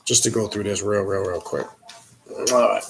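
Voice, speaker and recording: A man's voice: fairly low pitch, normal speed, a little hiss or hum. A man giving casual, profane commentary as an occult teacher, reading scripture aloud and mocking it. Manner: profane, mocking, reads aloud then rants.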